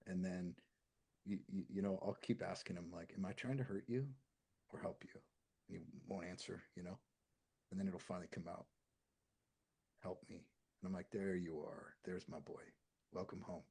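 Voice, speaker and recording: A deep, husky-voiced man in his forties talking earnestly as a podcast guest. His talk swings from loud to a near hush when he gets personal. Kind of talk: casual podcast chat.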